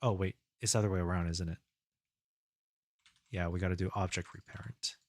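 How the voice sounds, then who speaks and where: A man streaming live as a game developer, thinking aloud in a relaxed, rambling way as he works and chats. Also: deep voice, a little fast. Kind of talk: casual live-coding stream.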